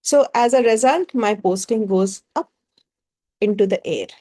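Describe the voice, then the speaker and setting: A woman's voice: mid-range voice, measured pace, mellow. A woman with a Bengali-inflected Indian English accent, leading a group workshop as facilitator and working through ideas with rhetorical questions.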